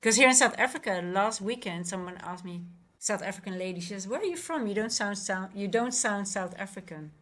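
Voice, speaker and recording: A woman's voice: medium pitch, brisk, fairly bright tone. A woman from the Netherlands with a Dutch accent, talking casually on a live futures trading stream, answering chat and often correcting herself.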